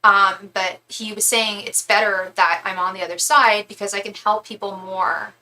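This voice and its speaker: A young woman hosts a tarot and psychic livestream, casually reading comments and gushing to her viewers with lots of fillers and restarts. Her mid-range voice stays fairly even in intonation at a normal speed, sounding pushed and bright. The recording quality is low.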